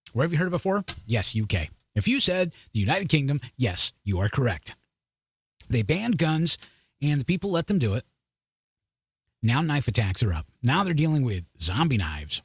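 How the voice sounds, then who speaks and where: A man's voice: mid-range voice, lively intonation, normal speed, breathy edge, dry recording. Male podcast host, mid-range voice, dry close sound; loose and sarcastic, riffing on the news straight to his viewers. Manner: blunt and sarcastic, talks to viewers directly; loose, restarts often. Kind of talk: opinionated news commentary.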